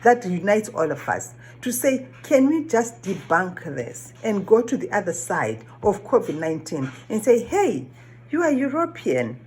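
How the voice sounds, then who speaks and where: A woman speaking English as a later language, in a slightly husky voice. She talks earnestly and reflectively, asking questions and repeating her phrases for emphasis. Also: medium pitch, big pitch swings, moderate pace, few pauses, darkish tone. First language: not English. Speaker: vlogger. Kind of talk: reflective personal monologue.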